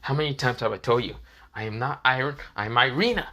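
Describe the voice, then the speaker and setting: A man's voice: medium pitch, fairly quick, pushed and bright, a little hiss or hum, natural voice. A man voicing a hot-tempered young woman fighter, snappy and insulting. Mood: irritated.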